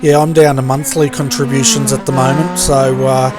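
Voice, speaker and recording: A man co-commentating on a sim race, bantering and teasing friends in a relaxed way. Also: mid-range voice, moderate pace, heavy background noise. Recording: background music on stream.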